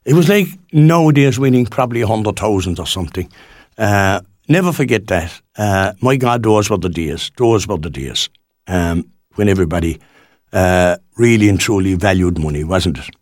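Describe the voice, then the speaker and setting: A man's voice: deep voice, lively intonation, moderate pace, darkish tone, dry recording, studio quality. A Cork Irish man in his sixties presenting local radio in a rambling, folksy chat full of fillers and restarts. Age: 60s.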